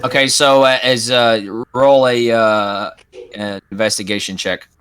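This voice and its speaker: A man running a tabletop game as game master, narrating haltingly with many fillers. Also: medium pitch, steady tone, a bit bright, a little hiss or hum. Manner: halting, full of fillers and hedges.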